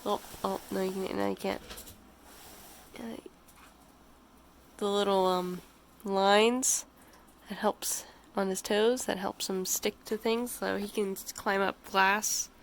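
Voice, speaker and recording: A woman's voice: mid-range voice, fairly even intonation, slow pace, a little hiss or hum. A woman chatting casually in a home vlog about her pets, rambling and giggling, cooing at the animals. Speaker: pet vlogger. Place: home pet room.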